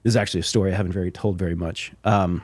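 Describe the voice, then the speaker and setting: A man's voice: sits low, racing. A man from Las Vegas, a professional drummer and podcast guest, telling stories in casual chat, slangy and swearing, calling people "bro". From Las Vegas, USA. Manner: animated, slangy, swears, says "bro", acts out quotes.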